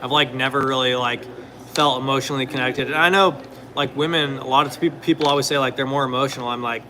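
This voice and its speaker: Bright, rambling young man chatting. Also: medium pitch, fairly even intonation, quick pace, a little hiss or hum. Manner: rambling, filler-heavy, laid-back; answers questions from viewers. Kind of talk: casual chat.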